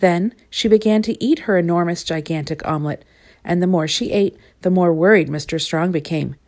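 Lower-voiced woman reading a storybook aloud. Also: normal speed. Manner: expressive, playful asides to listeners. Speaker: storybook reader. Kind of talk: reading a children's picture book aloud.

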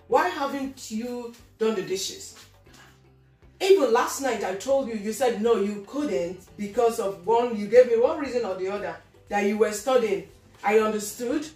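A woman with a Nigerian accent scolds sarcastically in a comedy sketch, her voice a touch high. She sounds set back from the mic in an echoey room, with faint music behind. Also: a little mellow, far from the mic. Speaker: comedy sketch performer playing older sister.

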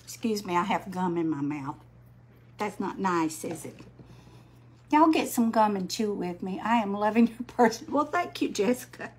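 An older woman, chatting slowly on a craft livestream, greeting viewers by name while she paints. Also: mid-range voice, animated, darkish tone, husky. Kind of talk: casual live-stream chat while painting.

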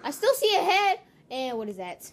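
Very high-voiced woman yelling at a game. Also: very animated, moderate pace, heavy background noise. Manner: loud yelling reactions and trash talk. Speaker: gameplay commentator. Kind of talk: excited gameplay commentary.

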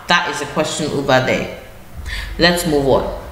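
In a deep, unhurried, slightly bright voice, a woman patiently walks students through an online grammar lesson via screen share, repeating key phrases and fixing her own slips as she goes. Faint ambient noise and echo fill the room.

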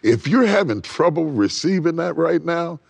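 A middle-aged man preaching on a TV talk show, rising to loud emphatic peaks and dropping to near whispers, repeating his phrases. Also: on the high side, big pitch swings, moderate pace, vocal fry, breathy edge, no echo. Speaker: bishop and guest preacher. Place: TV studio set.

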